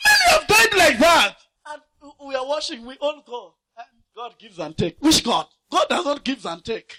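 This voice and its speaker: A man preaching a fiery sermon. He swings from shouts to low asides and asks the congregation to finish his lines. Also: big pitch swings, moderate pace. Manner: asks the congregation to fill in words.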